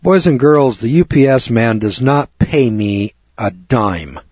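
A man's voice: medium pitch, animated, slow pace, darkish tone, no room sound. A man preaching a sermon in a blunt, folksy, crude manner, recorded on a dull lo-fi recording.

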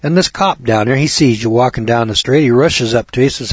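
Speaking briskly with few pauses, a man teaches a class in a homespun way, firing off rhetorical questions and echoing them for impact. His medium-pitched voice is slightly rough, with no echo, captured in a dull lo-fi recording.

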